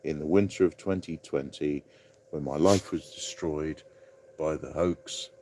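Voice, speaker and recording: A man's voice: rumbling low, a little slow, darkish tone, slight background noise. A man hosting a casual live-stream quiz, chatty and rambling, laughing at his own asides. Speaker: livestream quiz host.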